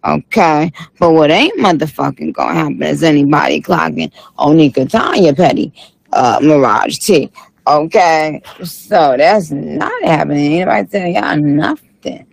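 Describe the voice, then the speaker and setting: A man doing a drawling, gravelly diva rapper. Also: a little high, expressive, unhurried, no room sound, exaggerated voice, low-quality recording. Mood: sassy. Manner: sassy, drawling, profane. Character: sassy tired female rap star, late-night livestream. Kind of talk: comic impression reading live chat.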